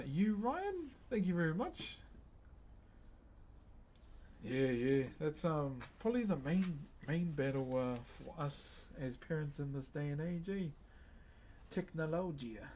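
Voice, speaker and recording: New Zealand male streamer, easygoing and friendly, slightly raised pitch, light hiss behind. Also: a little mellow. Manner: laid-back, friendly, slangy, thanks viewers by name. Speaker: livestream host. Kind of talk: casual live-stream chat with viewers.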